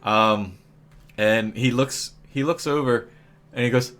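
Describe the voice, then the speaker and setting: A man's voice: medium pitch, takes it slowly, fairly bright tone, soft background music. A man narrating as game master in a tabletop game, rambling with many fillers and jokey asides.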